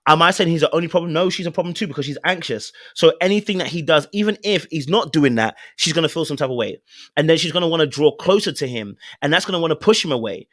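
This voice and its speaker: Animated man reacting to a clip. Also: a little high, no room sound, clean studio sound. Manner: earnest and animated, direct address to the viewer. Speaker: host. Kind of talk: relationship commentary on a video clip.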